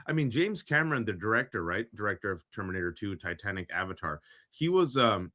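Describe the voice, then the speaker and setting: Man, political commentary, sarcastic ranting, bright forceful voice. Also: lowish voice, big pitch swings, a little fast. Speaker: co-host.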